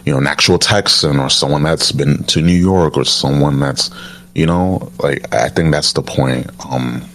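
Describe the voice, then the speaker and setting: A man with an extremely deep, rumbling voice talks through a point in relaxed podcast chat. He often stumbles and restarts before finding his words. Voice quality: deep, says he sometimes sounds baritone. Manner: halting, restarts often, says cadence is key. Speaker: podcast host.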